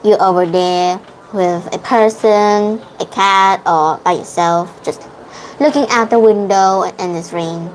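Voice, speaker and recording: A young woman learning English speaks in a middling voice, pausing and restarting as she works through her arguments. Her first language is Vietnamese, and her debate answers come with a faint hiss of noise behind them. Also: medium pitch, poor audio. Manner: hesitant, restarts and self-corrections. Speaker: English student. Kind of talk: debate practice in an online lesson.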